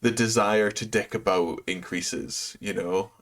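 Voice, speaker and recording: A man co-hosting a casual podcast chat, laid-back and quick to laugh. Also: on the low side, fairly even intonation. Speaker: podcast co-host.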